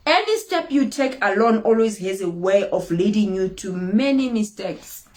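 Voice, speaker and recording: A woman's voice: medium pitch, animated, moderate pace, darkish tone. A woman hosting an inspirational talk, speaking with emphatic repetition and acting out dramatic quotes. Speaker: inspirational show host.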